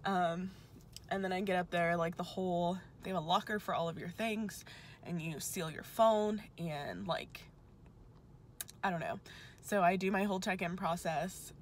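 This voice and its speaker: Standing outside a testing center right after her exam, a young adult vlogger chats casually, emotional and rambling in quick asides. She speaks in a lowish voice over a slight hiss or hum.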